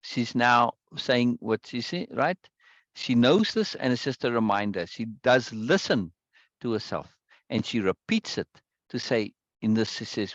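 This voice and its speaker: A man's voice: medium pitch, animated, a little slow, no room sound, lo-fi sound. A man leading a book discussion, explaining passages aloud and often stopping to ask "right?", with restarts and repeated words.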